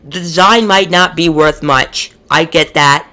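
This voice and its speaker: Bright-voiced man ranting. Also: on the high side, a little slow. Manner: frustrated, exasperated, profane. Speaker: collectibles YouTuber. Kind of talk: casual ranting commentary.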